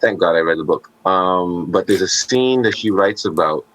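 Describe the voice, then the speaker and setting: A man co-hosting a podcast, telling stories in casual conversation with animated asides and jokes. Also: low voice, moderate pace, dry recording, low-quality recording. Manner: animated storytelling, joking asides.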